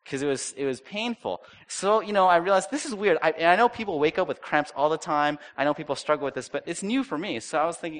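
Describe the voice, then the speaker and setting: Animated bright-voiced male pastor preaching. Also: high voice, fast talker, hardly any pauses. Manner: animated storytelling with acted-out quotes. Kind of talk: sermon.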